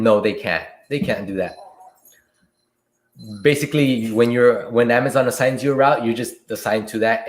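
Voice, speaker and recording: A man hosting a casual livestream Q&A, reading viewer questions aloud and answering them in a relaxed way from a room at home. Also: medium pitch, slight background noise. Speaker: livestream host and delivery driver. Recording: echoey room.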